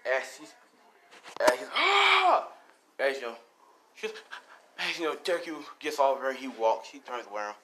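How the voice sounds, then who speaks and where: A man's voice: mid-range voice, normal speed, pauses often, a bit bright. A man improvising a fan story in a rambling, casual way, full of fillers and restarts.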